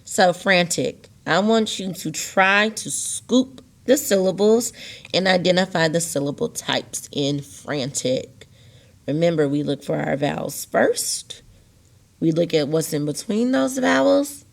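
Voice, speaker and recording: Animated but a little slow, with vocal fry in a fairly low voice, a woman teacher guides children through phonics one step at a time. She explains patiently, using rhetorical questions along the way.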